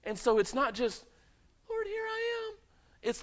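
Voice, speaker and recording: A man preaching a sermon with dramatic swings between loud, high emphasis and quiet, low asides. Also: measured pace. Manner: animated preaching with dramatic swings in pitch and volume. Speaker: pastor. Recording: muffled lo-fi sound.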